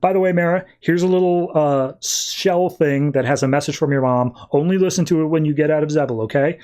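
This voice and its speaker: A man's voice: fairly high pitch, fairly quick, dark tone, lightly acted. A man doing a pompous undersea king. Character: scheming older male undersea king, pompous.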